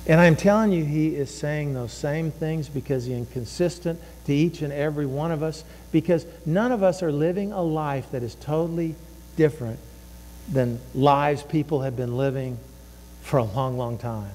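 Impassioned pastor preaching in a reverberant hall. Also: male voice, a little high, normal speed, darkish tone, slight background noise. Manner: impassioned, acts out inner voices, repeats phrases. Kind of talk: sermon. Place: church sanctuary.

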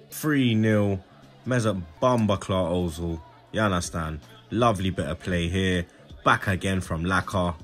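Slangy man commentating a football game. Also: low voice. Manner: slangy, excitable running commentary. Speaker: gaming YouTuber. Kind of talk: casual gaming commentary.

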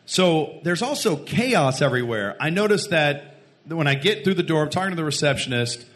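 A man's voice: on the high side, moderate pace. A man with a Texan accent, a radio host, telling a funny story live to an audience and acting out the quotes. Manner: animated, acts out quotes, laughs often.

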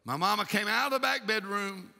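A man preaching a fiery sermon, shouting and exhorting with repeated rallying calls. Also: high-pitched, brisk, vocal fry. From Texas. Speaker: pastor. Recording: reverberant church hall.

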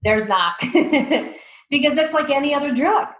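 Lively woman in an echoey room. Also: high-pitched, measured pace. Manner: lively storyteller, acts out quotes. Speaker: guest, addiction coach. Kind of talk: podcast interview.

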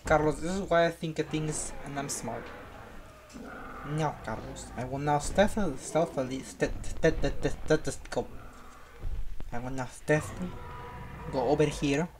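A gamer giving casual, playful gameplay commentary, excitable and teasing a friend throughout. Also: mid-range voice, noisy background.

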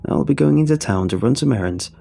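A man's voice: lively intonation, fast, gravelly, mellow, slightly rough, soft background music, heavily acted. A man voicing a shrewd elderly woman who squawks and rambles, turning snappish. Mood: shrill, rambling. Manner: shrill, snappish.

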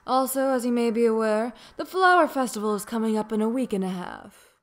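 A brisk, playful female anime schoolteacher from a visual novel, read out by a woman in a slightly lowered voice. She lectures her class in an even, measured way. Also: natural voice. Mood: lecturing. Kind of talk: reading a visual novel aloud.

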